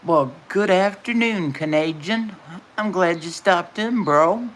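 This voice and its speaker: A woman's voice: fairly low pitch, takes it slowly. A middle-aged woman, chatting casually and telling folksy stories while hosting a livestream. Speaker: livestream host.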